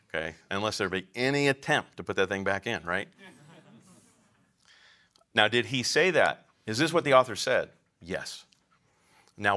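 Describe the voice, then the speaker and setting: A man lectures a class on biblical counseling, his voice lowish and bright. He talks emphatically and conversationally, and often asks his listeners questions.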